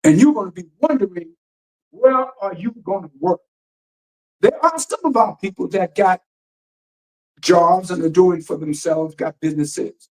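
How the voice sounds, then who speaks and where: This minister's voice sits high and a little mellow, measured in pace with frequent pauses, heard on a rough recording. Preaching emphatically in a radio teaching sermon, he reads passages aloud, explains them and fires rhetorical questions.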